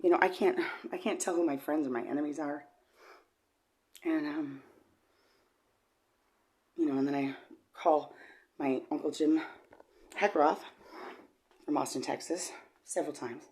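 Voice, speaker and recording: Brief: middle-aged woman, lowish voice, emotional testimony, stumbling and repeating words. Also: steady tone. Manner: rambling, halting, with many repeated words; shifts from low and quiet to loud and high when agitated. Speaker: vlogger.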